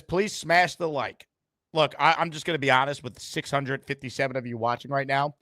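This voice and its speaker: A man's voice: medium pitch, fairly bright tone, no echo, clean studio sound. A man hosting a sports talk show, reading ads and taking calls in an upbeat way. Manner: upbeat, quick ad reads and call handling. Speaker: host.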